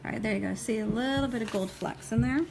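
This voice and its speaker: A woman's voice: fairly high pitch, fast talker, gravelly. A chatty woman talks through a live nail-art demonstration in a casual, folksy way. She laughs easily and keeps checking in with her viewers. A faint hiss sits under her voice. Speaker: nail technician teaching a live demo.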